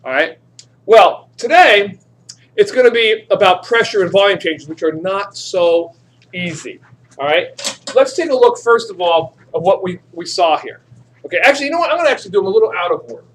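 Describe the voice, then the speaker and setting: A man's voice: sits high, brisk. A man teaching a chemistry class, lecturing and joking with students during a demonstration in a classroom. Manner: animated, joking, talks to students directly.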